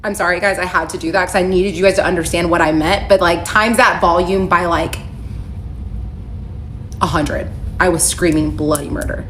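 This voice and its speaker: A woman's voice: fairly low pitch, normal speed, slight background noise. Candid woman telling her story, echoey room. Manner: candid, animated, quotes texts aloud. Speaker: storyteller recounting her divorce. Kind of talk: casual storytelling to camera. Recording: echoey room, faint ambience.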